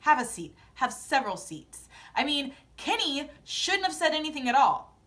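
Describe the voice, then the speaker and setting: A young woman with a high voice chats casually to her camera as a vlogger. Her delivery is sassy, animated and opinionated, full of quick reactions. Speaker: vlogger recapping a TV show. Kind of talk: casual chat.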